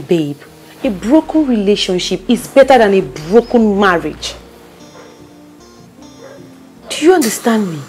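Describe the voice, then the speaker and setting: An actress playing a loyal, bossy best friend with a Nigerian accent in a film drama, talking insistently and repeating herself. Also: female voice, medium pitch, darkish tone. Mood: coaxing. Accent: Nigerian, with Pidgin English. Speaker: consoling friend.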